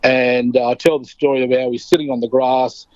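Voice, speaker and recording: A man's voice: medium pitch, fairly quick. A middle-aged man with an Australian accent tells his story in an easy, chatty way and acts out the people in it as he goes. The sound is dull and muffled, and the room is dry with no echo. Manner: lively yarn-spinning, acting out voices in his stories. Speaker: guest storyteller. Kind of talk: casual anecdote telling.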